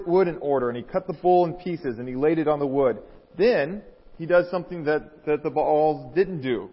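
A man preaching a sermon as a guest speaker, retelling a scripture story with lively asides and mocking emphasis. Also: mid-range voice, in a large hall, dull audio.

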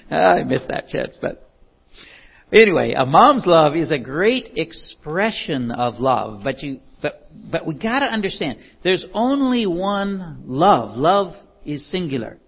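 A man with a gravelly, slightly husky voice tells homespun stories in a lively, swinging pitch. He wanders into rambling asides and laughs at himself along the way. The recording sounds dull and lo-fi. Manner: chuckling, self-deprecating, rambling asides. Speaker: speaker giving a talk on love. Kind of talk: folksy storytelling talk.

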